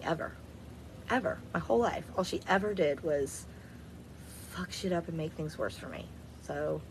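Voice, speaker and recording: A woman with a low voice tells a personal story in a loose, rambling way. She is blunt and candid, and she swears without holding back. A faint hiss of noise sits behind her. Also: creaky, rough recording. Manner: rambling, repeats herself. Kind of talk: casual storytime vlog.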